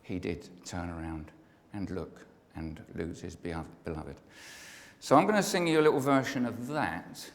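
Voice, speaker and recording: A man's voice: sits low, animated, normal speed. A man giving a live pre-concert talk, chatting and joking with the audience in between singing his poems. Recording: long hall reverb with music.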